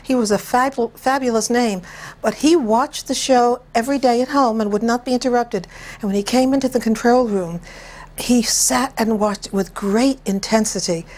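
In an interview, an older television director looks back on her career with leisurely, anecdotal stories and lots of chuckling. Her voice sits on the high side with a darkish tone.

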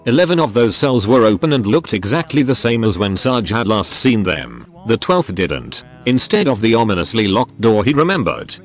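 A male text-to-speech voice narrating a scripted story with an even, steady delivery. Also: on the low side. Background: faint background music.

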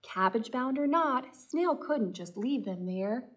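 A woman, a children's librarian, reading a picture book aloud and asking the children gentle questions. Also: fairly high pitch, animated, measured pace, few pauses. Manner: gentle, talks directly to children. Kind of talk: storytime read-aloud.

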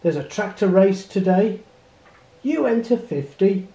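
Grumpy farmer, put on by a male storybook reader: growling, raised pitch, echoey room. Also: animated, a little slow, mellow. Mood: challenging. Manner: grumbling, growling. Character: grumpy gruff male farmer, quick to anger. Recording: roomy echo.

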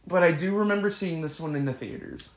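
A man's voice: on the high side, fast. Young man in an echoey room. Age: 20s. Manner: joking, swearing, bursts into loud laughing shouts. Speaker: podcast host. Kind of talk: casual movie commentary chat.

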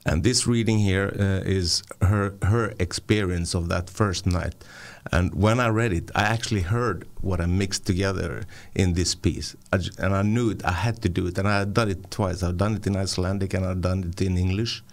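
Deep gravelly guy w a cold, stop-start radio chat. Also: fairly even intonation. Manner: halting, many fillers and restarts. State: voice affected by a cold. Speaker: radio producer. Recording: radio studio.

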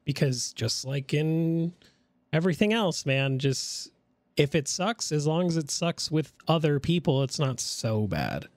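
Lively army veteran man, dry sound. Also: a little high, no echo. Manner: lively storyteller, quick asides. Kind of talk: casual podcast chat.

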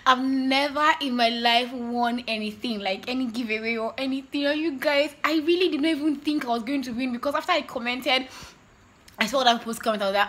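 Young female vlogger, Nigerian accent, exclamatory and quick to laugh, slightly raised pitch. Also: breathy edge. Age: young adult. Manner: excitable, exclamatory, laughs often. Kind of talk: casual vlog chat.

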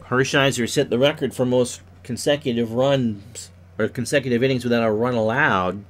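A man's voice: steady tone, moderate pace. Stuffy man calling baseball. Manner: rises loudly on hits, drops low for asides. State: stuffy from sneezing. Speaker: play-by-play commentator of a simulated game. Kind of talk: solo play-by-play commentary.

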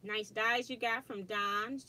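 A woman's voice: mid-range voice, steady tone, slow pace, pushed and bright, rough recording. A middle-aged woman hosting a casual quilting livestream, chatty and laughing often as she reads viewer comments aloud. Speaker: quilting channel host.

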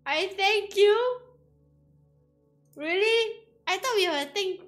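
A woman giving casual game commentary, excitable and giggly, speaking English with non-native grammar. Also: very high voice, slow pace. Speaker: gaming YouTuber. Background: faint game music.

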